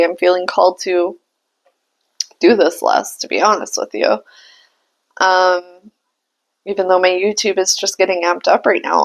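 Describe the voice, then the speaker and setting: A woman's voice: mid-range voice, vocal fry, poor audio. A young adult woman giving a casual spiritual tarot reading, musing aloud and laughing at herself. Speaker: tarot reader and channeler.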